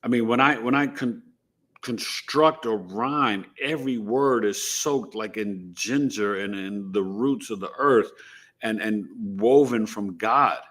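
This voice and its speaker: Hosting a live astrology show, a man from New York City chats animatedly with plenty of slang, emphasis and bragging. He has a fairly low voice and speaks at a measured pace.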